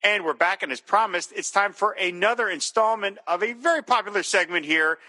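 A man's voice: sits high, a little fast, pushed and bright, long reverb tail. A man hosting a podcast, talking casually and upbeat, with lots of fillers. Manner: upbeat, chatty, with frequent fillers. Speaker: podcast host. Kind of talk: casual chat.

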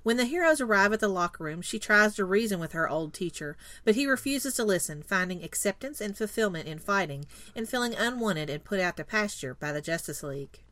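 A woman's voice: medium pitch, lively intonation, a little fast, hardly any pauses, a bit bright, dry recording. A woman co-hosting a podcast, introducing a guest playfully and reading an episode plot summary. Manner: teasing, playful. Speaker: podcast co-host. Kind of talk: casual chat and scripted episode recap.

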